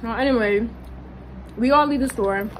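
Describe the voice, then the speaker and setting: A young woman casually telling a personal story, animated and swearing, jumping up high when she quotes people. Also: normal speed, a little hiss or hum, rough recording. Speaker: vlogger.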